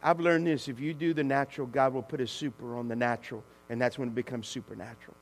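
A man preaching a sermon as pastor, animated, swinging from hushed to shouting. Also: mid-range voice, quick pace. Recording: long hall reverb with mains hum.

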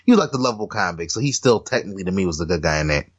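A man's voice: deep voice, expressive, very fast, breathy edge, muffled recording. A man chatting casually as podcast co-host, rambling and restarting his sentences. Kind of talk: casual chat.

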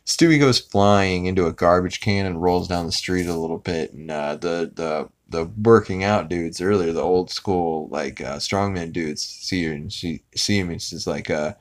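A man with a very low, deep voice hosts a podcast. He recaps a cartoon episode in a loose, rambling way and laughs along at the jokes. His talk is full of fillers and restarts. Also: normal speed, few pauses. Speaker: podcast host.

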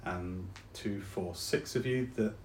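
A man's voice: low voice, slow pace, echoey room, slight background noise. A man narrating a tabletop game as game master, casual and chatty.

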